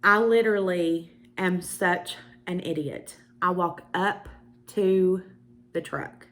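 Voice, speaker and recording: Speaking slowly at a fairly low pitch, a young woman with a Southern US accent recounts a personal story to her viewers. Her tone is fairly bright, and as a beauty vlogger she tells it casually to camera, adding emphatic asides.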